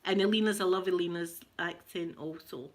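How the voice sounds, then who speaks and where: A Scottish woman with a rough voice, chatting casually and laughing as she tells stories to viewers on a live stream. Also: fairly low pitch, normal speed. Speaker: livestream host chatting with viewers.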